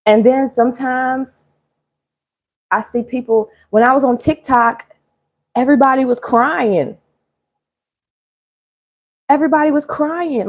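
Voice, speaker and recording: A woman chatting casually and joking with viewers during a cooking livestream. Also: mid-range voice. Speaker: livestream host.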